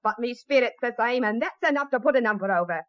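Brassy aging music-hall singer, bright high voice, played by a woman, lo-fi radio drama. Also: animated, quick pace, natural voice. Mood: hearty. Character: brassy former music-hall queen, middle-aged woman. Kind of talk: 1940s radio acting. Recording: dull old radio broadcast with piano.

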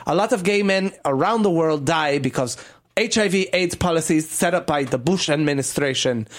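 A man imitating an earnest male activist, slowly reading out a question. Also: fairly high pitch, slight background noise, natural voice. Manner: slow, earnest.

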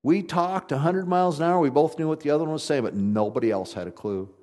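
Guy preaching, chatty and folksy, gets loud then goes real quiet. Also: fairly high pitch, quick pace. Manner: animated preaching with big swings from loud to quiet; conversational, folksy asides. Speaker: pastor. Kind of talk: sermon.

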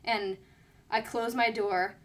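A woman's voice: fairly high pitch, steady tone, takes it slowly. Chatty young woman telling a story. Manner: chatty, lots of "like", quoting others. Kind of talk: casual storytelling.

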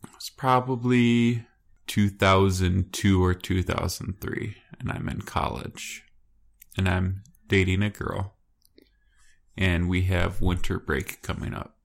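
A man's voice: low-pitched, takes it slowly, gravelly. A man in his thirties co-hosting a podcast, teasing his co-host and telling stories in casual chat. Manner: teasing, giggly, animated questioning.

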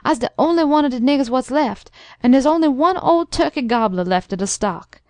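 A woman voicing a halting, timid very old man. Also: fairly high pitch, dry recording, studio quality, close to an everyday voice. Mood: timid pleading. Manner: halting, stammering speech. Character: timid earnest very old male servant.

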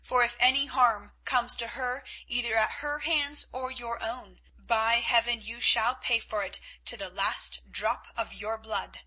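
A woman's voice: a little high, fairly even intonation, measured pace, few pauses, sharp tone, slightly rough, full character voice, low-quality recording. A woman reading the part of a cold, mocking male Spanish officer in an audiobook, speaking in a coolly commanding way.

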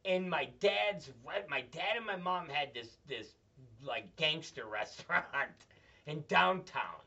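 A man's voice: fairly high pitch, expressive, takes it slowly, bright, forceful tone. A man hosting a show, telling crude, profane, rambling comedic stories. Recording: dull, slightly distant mic.

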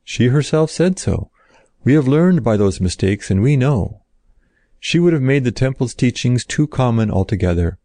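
A man's voice: mid-range voice, lively intonation, normal speed, mellow, no echo, close to an everyday voice. A man voicing a group of faithless temple craftsmen who speak boastfully and scornfully, his voice raised above his usual tone.

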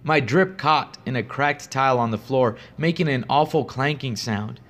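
A man narrating a first-person horror story in a steady, grave, suspenseful way. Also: mid-range voice, moderate pace.

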